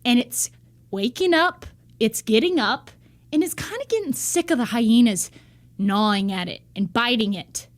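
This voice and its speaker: A woman's voice: a little high, animated, moderate pace. A woman delivering a heated, profane rant to camera in a vlog monologue. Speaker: vlogger.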